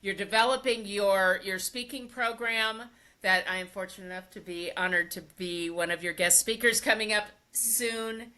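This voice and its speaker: An older woman hosts a relaxed podcast conversation in a bright voice. She talks casually, leaning on fillers and laughing easily with her guest. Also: mid-range voice, moderate pace. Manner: chatty, warm laughter, many fillers. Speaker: podcast host. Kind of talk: casual interview chat.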